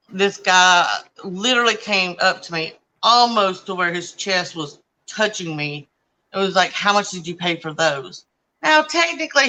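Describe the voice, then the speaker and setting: A woman's voice: lowish voice, low-quality recording. A woman hosting a casual chat, animatedly telling stories and acting out what people said. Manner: animated storyteller acting out quoted voices. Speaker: channel host.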